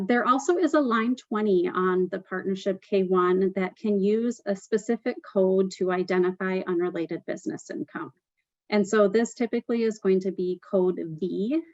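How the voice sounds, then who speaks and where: A woman's voice: medium pitch, a little mellow, dry recording, dull audio. A woman presenting a tax webinar, explaining step by step with frequent "um" fillers.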